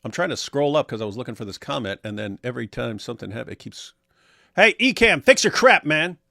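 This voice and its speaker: A man's voice: mid-range voice, quick pace, gravelly, a bit bright, no room sound, clean studio sound. A man co-hosting a casual livestream, reading viewer comments aloud, rambling and laughing at his own puns.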